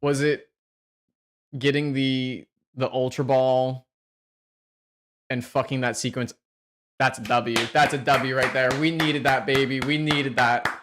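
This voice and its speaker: Slow-talking card game streamer. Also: mid-range voice, little pitch movement, a bit bright. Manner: swears casually and picks apart own misplays; rambling, restarts sentences. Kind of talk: casual gaming commentary.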